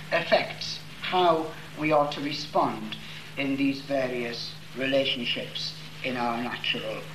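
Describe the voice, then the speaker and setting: A man preaching a sermon, reading scripture slowly and leaning hard on the key words. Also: on the high side, bright, forceful tone. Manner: slow, emphatic reading of scripture with stressed words. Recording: roomy echo with faint room noise.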